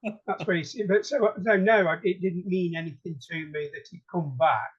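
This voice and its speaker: A man's voice: high-pitched, a little fast, husky, highs cut off. A man on a podcast panel talking about a film, hesitant and thinking aloud. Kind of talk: casual film discussion.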